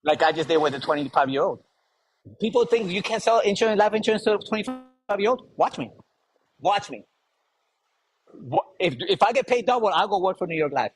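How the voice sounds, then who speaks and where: A man leading a sales workshop, giving an energetic motivational talk and firing rhetorical questions at the audience. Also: high voice, fast, soft background music, low-quality recording. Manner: acts out quoted people in lively voices.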